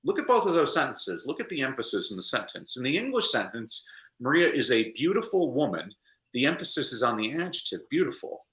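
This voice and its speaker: A man speaking as a guest in a casual interview, animated and playful, often putting on quick voices to make a point. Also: medium pitch, reverberant, rough recording. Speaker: guest speaker and literacy coach. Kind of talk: casual video call interview.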